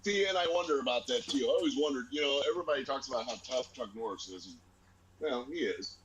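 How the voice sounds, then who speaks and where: A man's voice: fast, highs cut off, slight background noise. Chatty man telling family stories. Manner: animated storyteller, squeaky voice for grandma. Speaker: podcast co-host. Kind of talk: casual storytelling chat.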